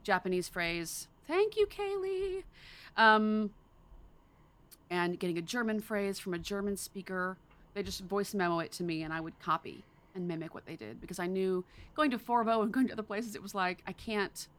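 Bright-voiced American woman, chatty. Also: medium pitch, fairly even intonation, moderate pace. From United States. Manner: enthusiastic, playful, self-deprecating. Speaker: audiobook narrator. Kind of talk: casual chat.

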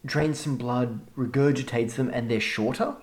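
A man's voice: mid-range voice, normal speed. A man hosting a casual panel discussion, self-deprecating and apologetic.

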